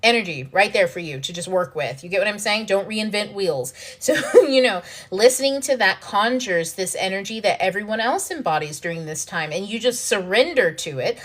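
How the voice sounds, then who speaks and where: A woman's voice: medium pitch, lively intonation, moderate pace, hardly any pauses, a bit bright. A woman who hosts and writes books, talking casually in a livestream and answering viewer questions, blunt and profane, laughing often. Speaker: author and self-development host.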